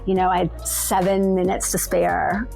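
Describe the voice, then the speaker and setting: A middle-aged woman telling a personal story in a reflective, halting way, full of fillers and restarts. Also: on the low side, flat delivery, gravelly, darkish tone, soft background music. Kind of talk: personal story told aloud.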